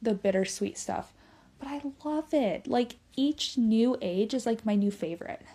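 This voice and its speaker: Chatty young mom, fairly high voice. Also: female voice, measured pace, warm tone. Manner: chatty, laughs often, lots of "like". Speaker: podcast host. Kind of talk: casual storytelling monologue.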